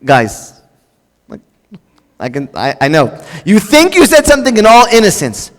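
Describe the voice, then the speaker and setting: High-voiced man preaching in a reverberant hall. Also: normal speed. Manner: lively, joking, talks straight to the congregation; casual filler "like" and restarts. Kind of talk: conversational sermon. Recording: long reverb of a large hall.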